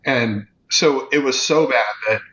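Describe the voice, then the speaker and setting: Halting man telling a story in a roomy room. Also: medium pitch, sharp tone, slight background noise. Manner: halting, many fillers and restarts. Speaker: guest. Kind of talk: casual storytelling. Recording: muffled, roomy recording.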